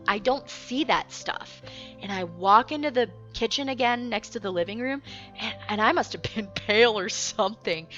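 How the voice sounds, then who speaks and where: A young woman with a bright, forceful voice tells a story casually, laughing often and swearing without a second thought. The recording is dull and lo-fi, with faint music underneath. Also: medium pitch. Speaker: host.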